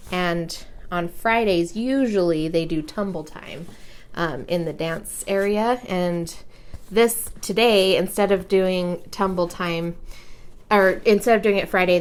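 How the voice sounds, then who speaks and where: A young woman chatting casually as she walks through a craft project, giggling and humming to herself while she works. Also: fairly low pitch. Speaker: crafting vlogger. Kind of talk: casual craft tutorial chat.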